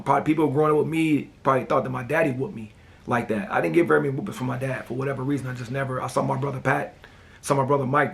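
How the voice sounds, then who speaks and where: A talk show host with a gravelly, rough-edged, middle-pitched voice tells family stories casually. He's laid-back and rambling, constantly dropping "man" and "you know."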